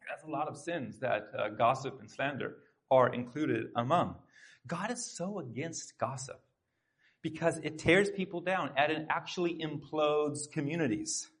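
A pastor with a husky, slightly breathy voice that sits a little high preaches a sermon in a church sanctuary. His delivery is unhurried, earnest and conversational, and now and then he turns aside to address the congregation directly.

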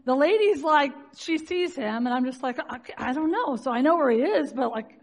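Woman w a high voice telling a story to a crowd, chatty, lots of "like," laughs at herself. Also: moderate pace. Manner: animated, chatty, frequent "like" fillers, laughs at herself. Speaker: speaker addressing a live audience. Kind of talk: personal storytelling talk.

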